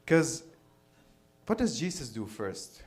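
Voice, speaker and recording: A male comedian runs through an irreverent stand-up set. His voice sits in a middle register. His delivery swings up and down with lively inflection. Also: mid-range voice, slow. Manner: irreverent, animated storytelling. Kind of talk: stand-up routine.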